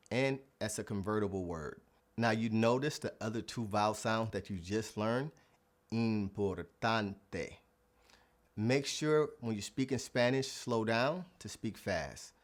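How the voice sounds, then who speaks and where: Male language teacher, lowish voice, scripted lesson delivery, slows down on example words. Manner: clear, deliberate, stretches out example words. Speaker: Spanish teacher.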